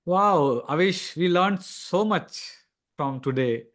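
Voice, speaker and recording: A man's voice: high-pitched, animated, slow, a bit bright. A man hosting a podcast, thanking his guest effusively over a video call. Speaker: podcast host. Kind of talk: closing remarks.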